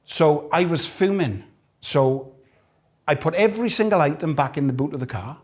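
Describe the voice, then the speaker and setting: A man's voice: on the high side, moderate pace. A middle-aged Welsh man, a guest snooker player, telling stories in casual chat and acting out the people he quotes. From Wales. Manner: animated storyteller who acts out quoted dialogue. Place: snooker room.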